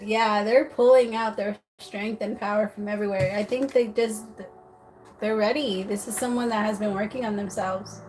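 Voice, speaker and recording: A woman's voice: on the high side, darkish tone. A woman giving a casual livestream tarot reading, chatty and giggly, with lots of fillers and restarts. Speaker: tarot reader.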